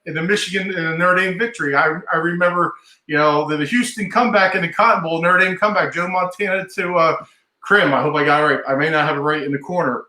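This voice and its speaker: Male guest from New Jersey, high bright voice, chatty, roomy sound. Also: fast talker. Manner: chatty, storytelling, fatherly. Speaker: podcast guest. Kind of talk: casual interview chat.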